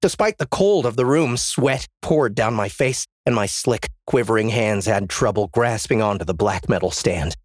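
A man's voice: on the low side, expressive, moderate pace, few pauses, no echo, clean studio sound. A man narrating a first-person story as an audiobook, in a tense, dramatic reading.

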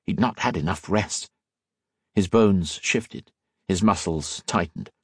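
A man narrating an audiobook in a measured, steady storytelling voice, close on the mic. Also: low voice, breathy edge, no echo. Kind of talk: scripted narration.

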